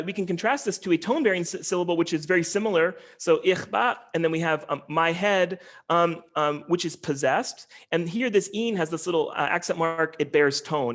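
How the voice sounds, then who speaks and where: A man's voice: fairly high pitch, brisk, few pauses, fairly bright tone. A male linguistics lecturer giving an online talk, explaining step by step with many ums, uhs and restarts.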